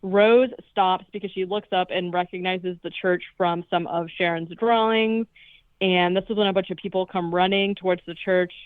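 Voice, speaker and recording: A woman's voice: fairly low pitch, fairly even intonation, moderate pace, smooth, no echo. A woman co-hosting a podcast talks through a movie plot in a loose, jokey way, cursing freely and quoting characters as she goes. Her voice comes through a thin, phone-like line and sounds close and dry, with no room around it. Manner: swearing, jokey retelling with quoted lines. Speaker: podcast co-host. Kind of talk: casual movie recap.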